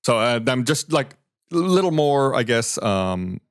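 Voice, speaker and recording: A man's voice: mid-range voice, very animated, a little slow, smooth, no room sound, studio quality. A man hosting a podcast, explaining events and reading findings in a loose, conversational way. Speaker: podcast host. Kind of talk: casual podcast discussion.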